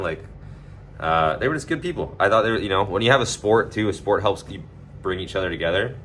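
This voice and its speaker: His voice is very low yet fairly bright in tone as he rambles casually and profanely on a livestream, leaning on fillers like "like" and "you know," with a faint noisy hum in the background.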